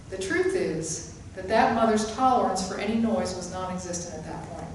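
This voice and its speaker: A woman's voice: mid-range voice, moderate pace, darkish tone, a little hiss or hum. A woman giving a sermon-style spiritual talk, emphatic and repeating her key phrases. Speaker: spiritual teacher. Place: hall of a spiritual center. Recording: echoey room, mic at a distance.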